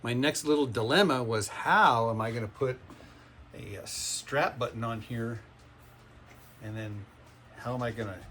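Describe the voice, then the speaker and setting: A man's voice: mid-range voice, a bit bright, slight background noise. Chatty man demoing a homemade guitar. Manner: chatty, rambling, self-correcting. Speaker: cigar box guitar builder. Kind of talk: casual workshop demonstration. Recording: guitar music playing behind.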